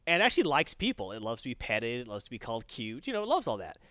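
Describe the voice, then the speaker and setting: A man chatting casually about a movie, acting out quotes in quick voices. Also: medium pitch, huge pitch swings, pushed and bright, no room sound, dull audio. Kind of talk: casual chat, movie review.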